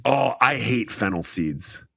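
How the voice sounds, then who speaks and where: A man's voice: mid-range voice, expressive, measured pace, creaky, a bit bright, slightly rough, dry recording, studio quality. A man co-hosting a casual comedy podcast, riffing playfully on names. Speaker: podcast co-host. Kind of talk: casual chat.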